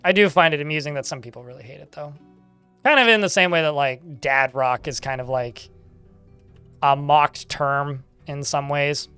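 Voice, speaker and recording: A man's voice: a little high, moderate pace, bright, forceful tone, smooth, soft background music. Dry, sarcastic-sounding male streamer. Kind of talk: casual livestream chat while gaming.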